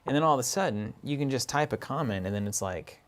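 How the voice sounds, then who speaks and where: A man's voice: mid-range voice, expressive, fast, a bit bright. A man co-hosting a card game stream from an office, chatting casually, laughing often and reading viewer comments aloud.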